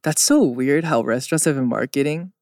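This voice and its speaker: A man's voice: mid-range voice, fairly quick, a little mellow, dry recording, studio quality. A young man from California co-hosting a podcast, chatting casually with playful, joking banter. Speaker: podcast co-host. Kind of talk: casual chat.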